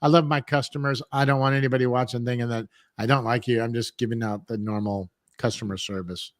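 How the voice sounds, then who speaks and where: A man's voice: mid-range voice, steady tone, quick pace, no room sound, clean studio sound. A man co-hosting a talk show over a video call, ranting bluntly and cussing freely in casual chat. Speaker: co-host.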